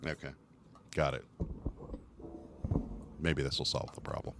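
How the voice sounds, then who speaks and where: A man's voice: very deep voice, flat delivery, measured pace, background noise. A man co-hosting a casual live stream, reading viewer comments aloud while troubleshooting the sound, with a Western Pennsylvania accent. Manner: reads viewer comments aloud, fiddles with audio settings. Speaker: co-host of a live reselling stream. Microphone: earbud microphone.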